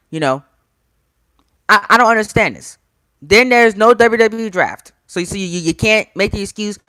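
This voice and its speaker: A man's voice: high-pitched, moderate pace, pushed and bright, smooth, dry recording. A man reviewing a wrestling show in a casual, exasperated rant, repeating himself and talking straight to his viewers. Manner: exasperated, repetitive, talks to viewers directly.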